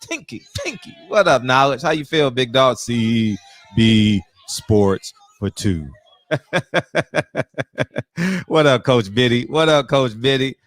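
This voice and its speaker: A man's voice: mid-range voice, expressive, takes it slowly, pauses often, no echo, studio quality, soft background music. A man hosting a casual livestream, greeting viewers by name and ranting loosely with plenty of swearing. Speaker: livestream host. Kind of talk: casual chat.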